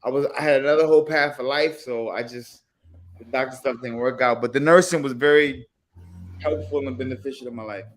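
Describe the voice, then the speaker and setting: A former boxing champion sits in on a casual podcast chat. His voice sits in a comfortable middle range, and he reflects on his life in an unhurried, laid-back way, circling back to his points as he goes. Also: medium pitch. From New York.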